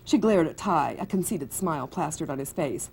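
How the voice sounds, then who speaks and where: A woman's voice: deep voice, expressive, moderate pace, a little hiss or hum. A woman author from the United States, reading from her novel and chatting about her writing with many fillers.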